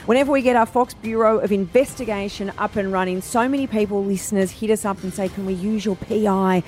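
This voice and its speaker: A woman hosting breakfast radio, upbeat and energetic. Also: mid-range voice, brisk. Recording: music bed behind voice.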